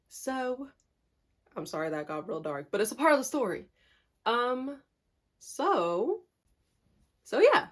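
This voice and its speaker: A young woman tells a personal story in a candid, animated vlog, talking directly to her viewers and laughing along the way. Her voice sits at a medium pitch and swings between hushed and emphatic moments. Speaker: vlogger.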